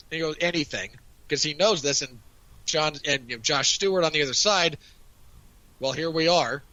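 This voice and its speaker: Guy on a podcast retelling an episode, bright tone, dry close mic. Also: a little high, dry recording, dull audio. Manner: animated recapping with laughs and quoted dialogue. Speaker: podcast co-host. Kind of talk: casual review chat.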